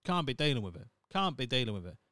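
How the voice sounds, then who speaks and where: A man's voice: mid-range voice, sing-song, fast talker, a bit bright, no echo, clean studio sound. A young man hosting a solo podcast, talking in a blunt, sweary, opinionated way. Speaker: podcast host. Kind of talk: casual solo podcast rant.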